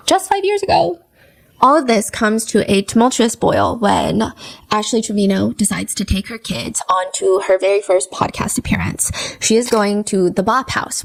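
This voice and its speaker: A woman's voice: medium pitch, creaky, rough recording. A woman narrating a commentary video in a casual, opinionated, conversational way.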